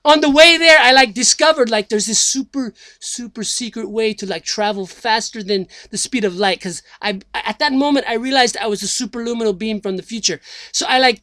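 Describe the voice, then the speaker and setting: Guy playing a stoner-ish slacker candidate, rambles nonstop, crisp dry sound. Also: very high voice, bright, forceful tone, no echo. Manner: rambling, filler-heavy, swears, loses his thread. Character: rambling slacker man announcing presidential run. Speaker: self-styled presidential candidate. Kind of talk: comedic character monologue.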